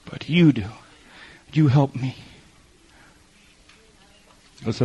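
The speaker is a middle-aged man with a husky, dark mid-range voice, fairly even in intonation and brisk in pace. His folksy testimony sermon is built from stories where he acts out other people, with quoted voices and repetition, on muffled lo-fi audio.

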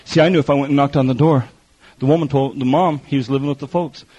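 A man's voice: mid-range voice, fairly even intonation, quick pace, warm tone. A middle-aged man preaching a folksy testimony sermon, telling stories and acting out the other people in them. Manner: folksy storytelling with quoted voices and repetition. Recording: muffled lo-fi recording.

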